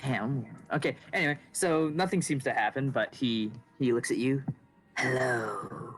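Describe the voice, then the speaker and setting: A man narrating as game master of a tabletop game, casual and halting, with many fillers. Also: mid-range voice, lively intonation, faint music behind, low-quality recording.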